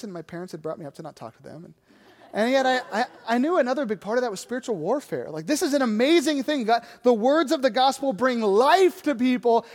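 Forties male pastor, lively self-mocking preacher, long hall reverb. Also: very high voice. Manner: animated, self-deprecating storytelling. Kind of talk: sermon storytelling.

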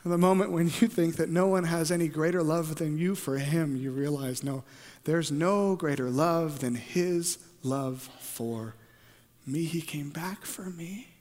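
A man preaching a sermon, moving between hushed storytelling and loud, fervent passages. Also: fairly high pitch, unhurried. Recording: long hall reverb.

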